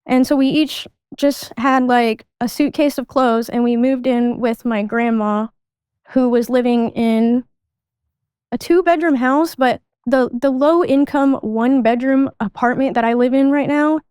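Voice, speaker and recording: A young woman talks through her own past as a podcast guest, pausing and restarting her sentences as she goes. Her voice sits a little high and comes through smooth and clear. The sound is close and dry, with no room around it. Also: darkish tone, no room sound. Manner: halting, restarts sentences, reenacts past dialogue. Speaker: guest sharing her life story. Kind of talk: candid personal storytelling.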